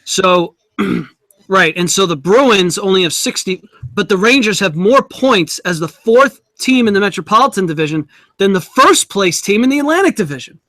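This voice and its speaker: A man co-hosting a casual sports podcast, talking in a halting way with frequent restarts. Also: high voice, lively intonation, bright, forceful tone, dry recording. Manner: halting, restarts words often. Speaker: podcast co-host.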